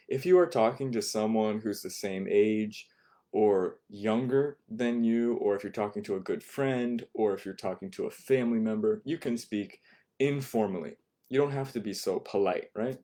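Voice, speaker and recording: Low-voiced man teaching a language lesson. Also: mellow. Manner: patient, models pronunciation slowly and repeats words.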